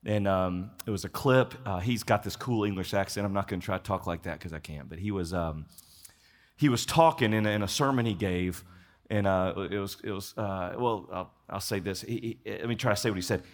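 A man's voice: low-pitched, a little fast, big-room sound. A man preaching a sermon as pastor, telling stories and building to impassioned emphasis. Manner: storytelling, rising to impassioned emphasis.

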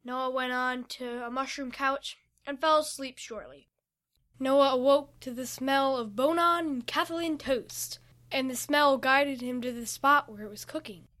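A woman narrating a storybook with a high, bright voice. Her read-aloud pacing stays steady and clear. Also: unhurried. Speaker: story reader.

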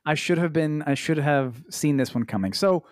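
A man on a podcast telling a story in an exasperated, animated way, swearing freely and swinging up into high pitch. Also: moderate pace, no echo, studio quality. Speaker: podcast co-host. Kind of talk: casual storytelling chat. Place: Los Angeles.

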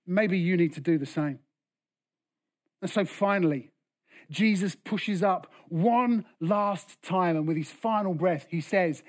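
A man preaching a sermon with passion, rising to loud bursts and dropping to hushed lines. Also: high voice, slow pace. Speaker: pastor.

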